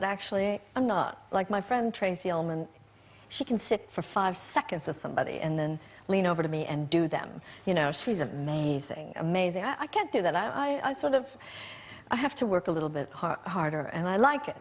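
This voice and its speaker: A woman in her sixties telling self-deprecating anecdotes as a chat show guest. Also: medium pitch. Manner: wry, self-deprecating storyteller. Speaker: guest actress.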